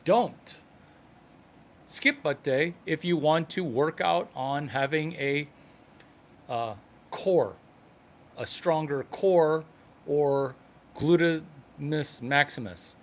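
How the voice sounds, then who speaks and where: A man doing a stand-up comedy monologue, delivered in halting phrases and short numbered points. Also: on the high side.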